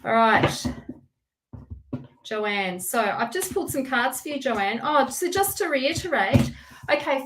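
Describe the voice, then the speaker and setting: A woman with a slightly high voice hosts a casual live tarot reading. She talks in a chatty, excitable way, laughing often and speaking to her viewers by name. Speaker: tarot reader hosting a live stream.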